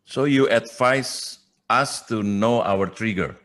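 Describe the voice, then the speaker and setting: Man asking slow questions. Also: fairly low pitch, a bit bright. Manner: asks short, slow follow-up questions. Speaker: host and interviewer.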